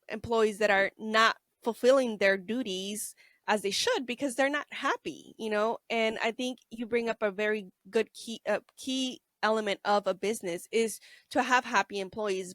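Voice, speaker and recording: A woman's voice: mid-range voice, fairly even intonation, unhurried, fairly bright tone, dry recording, clean studio sound. A woman hosting a casual interview, chatty and affirming, often tagging her points with "right?" and "you know". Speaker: podcast host.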